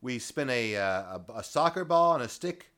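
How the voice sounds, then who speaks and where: A man's voice: a little high, lively intonation, normal speed, fairly bright tone. A man hosting a podcast, interviewing a guest with dry, teasing humor. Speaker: podcast host.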